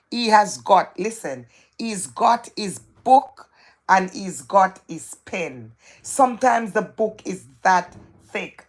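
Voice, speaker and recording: A woman hosting a live stream, reading viewers' comments aloud in a playful, gossipy way and repeating phrases for emphasis. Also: mid-range voice.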